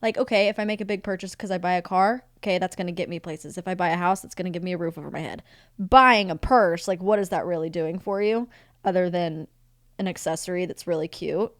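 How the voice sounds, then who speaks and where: Young woman, podcast guest, casual comedic banter, animated and emphatic, dry close recording. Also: lowish voice, brisk, dry recording. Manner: animated, laughs often, emphatic.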